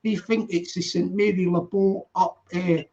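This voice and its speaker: High-voiced man, rambling and repetitive in casual talk, muffled lo-fi audio. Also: steady tone, normal speed, darkish tone. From London. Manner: rambling, repeats words, says you know often. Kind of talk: casual chat on a live stream. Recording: dull lo-fi sound.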